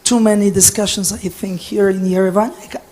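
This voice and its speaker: A woman from Poland with a hoarse voice, asking a formal, somewhat hesitant question from the audience. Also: medium pitch, steady tone, fairly quick, darkish tone.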